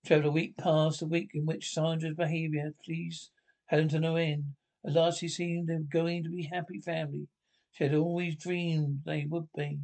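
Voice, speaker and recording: A man reads an old radio drama script aloud, stage directions and all. He stumbles and restarts now and then, his voice a little high. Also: level tone, moderate pace, gravelly, a little mellow. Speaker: reader.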